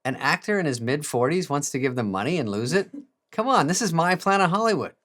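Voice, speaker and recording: A man's voice: a little high, sing-song, a little fast, fairly bright tone. A man doing a comic monologue in a sarcastic, profane and self-mocking way, chuckling at his own jokes. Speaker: comedian.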